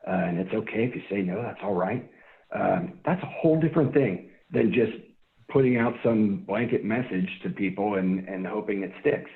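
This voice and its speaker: A man's voice: fairly low pitch, normal speed. A man talking earnestly as a guest in a casual interview. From Ohio. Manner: earnest, animated when acting out phone calls. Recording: tinny phone-like line.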